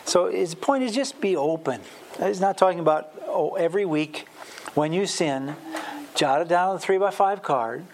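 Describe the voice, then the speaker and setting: A man's voice: high-pitched, moderate pace. A man giving a conversational Bible teaching, chatty and self-deprecating, with plenty of fillers.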